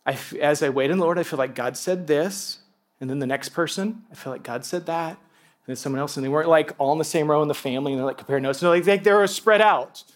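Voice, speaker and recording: Man, pastor, high voice, sermon in church, animated storytelling, addresses the congregation. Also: fast. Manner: animated storytelling with asides and laughter; speaks directly to the congregation.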